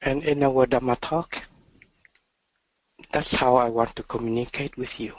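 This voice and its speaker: Soft-spoken slow meditation teacher, man. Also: mid-range voice, steady tone, dry recording, rough recording. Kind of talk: dharma talk.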